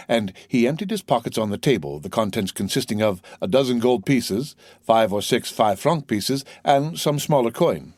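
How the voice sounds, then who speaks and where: A man reading a classic novel aloud as an audiobook narrator, in a steady storytelling delivery. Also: lowish voice, normal speed, slightly rough, no echo, clean studio sound.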